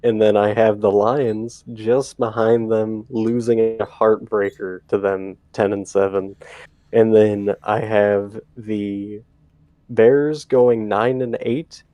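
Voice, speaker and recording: A man's voice: on the low side, fairly even intonation, slow, no echo, dull audio. A young man co-hosting a casual sports podcast, laughing at his own slips. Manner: giggly, self-deprecating. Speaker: podcast co-host.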